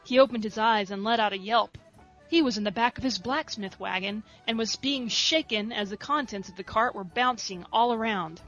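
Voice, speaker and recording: A woman reading a story aloud in a soft, steady narration. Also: fairly high pitch, moderate pace, muffled recording, soft background music. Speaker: reader.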